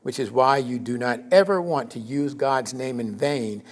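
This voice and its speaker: Man, church minister, conversational sermon, animated emphasis, middle pitch. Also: moderate pace. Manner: conversational, keeps checking in with "okay?".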